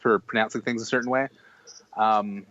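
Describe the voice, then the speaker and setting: A man's voice: lowish voice, fairly even intonation, normal speed, a bit bright. A man co-hosting a casual podcast chat, hesitant, with frequent restarts and fillers. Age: adult. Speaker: podcast co-host. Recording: dull lo-fi podcast audio.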